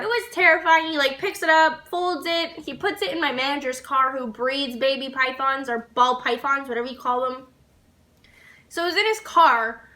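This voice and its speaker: A young woman vlogger, high-pitched and brisk, tells a story to the camera casually and animatedly, swearing and laughing along the way.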